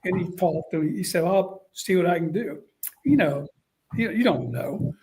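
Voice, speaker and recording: Speaking at normal speed in a high voice, a middle-aged man who coaches college football recounts a story in a relaxed interview. He performs the quotes of others with lively flair.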